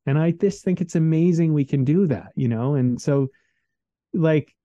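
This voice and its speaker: A man's voice: on the high side, normal speed, mellow, no room sound. A man hosting a podcast, rambling earnestly in casual reflective chat, leaning on "like" and "man". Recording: dull lo-fi dry recording.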